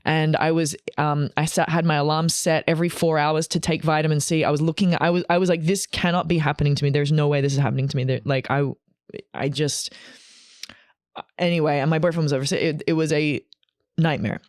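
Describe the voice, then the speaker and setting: A woman's voice: deep voice, steady tone, brisk, darkish tone, no echo, studio quality. A woman in her forties telling a long personal story on a podcast, rambling and emotional, with frequent swearing and restarts. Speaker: comedian guest. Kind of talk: candid storytelling chat.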